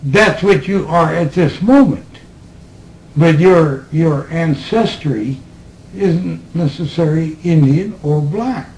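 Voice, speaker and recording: A man giving a slow, reflective spiritual talk, halting often with fillers and repeated words. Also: fairly high pitch, darkish tone, poor audio. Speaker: spiritual speaker.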